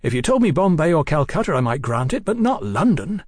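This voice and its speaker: A man's voice: high-pitched, normal speed, darkish tone, no room sound, clean studio sound, pitched above the performer's own voice, natural voice. A man voicing a fussy young officer who whines and protests, in an audiobook. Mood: indignant. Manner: whining, indignant.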